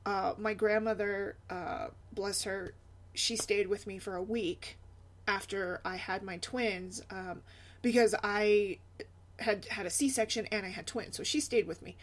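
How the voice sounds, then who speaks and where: A young woman chatting casually in a vlog about parenting, animated and laughing often. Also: medium pitch, a little slow. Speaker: mom blogger.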